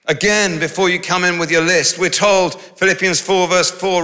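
A middle-aged man preaching in a large hall, his bright, forceful voice ringing out with a long reverb. He talks in a lively, conversational way and slips in humorous asides between his points. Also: sits high, measured pace, few pauses. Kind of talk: sermon.

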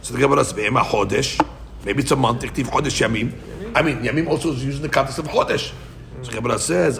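Gravelly man teaching a Talmud class. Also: medium pitch, a little fast. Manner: animated, thinks aloud with many restarts; mixes Hebrew and Aramaic terms into English.

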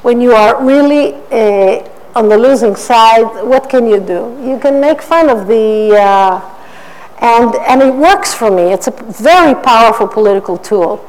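A middle-aged woman giving an animated public talk, with playful mimicry of others. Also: fairly high pitch, unhurried. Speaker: speaker. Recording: roomy hall, faint ambience.

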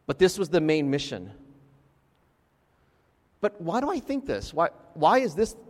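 A man delivers a sermon with a slightly high-pitched voice, talking to his congregation in a loose, conversational way full of restarts and quick asides. His voice carries a long reverb, as if recorded in a large church hall. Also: huge pitch swings. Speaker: pastor.

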